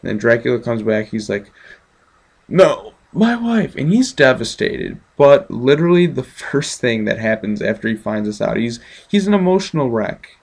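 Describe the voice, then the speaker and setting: A man's voice: mid-range voice, expressive, a little fast, creaky, few pauses, a little mellow. A man giving a casual, offhand movie review, chatty with many ums.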